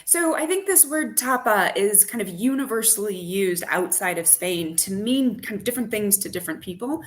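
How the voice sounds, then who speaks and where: A woman's voice: mid-range voice, animated, moderate pace. Enthusiastic woman describing food and wine. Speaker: wine expert and tour guide. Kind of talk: interview guest.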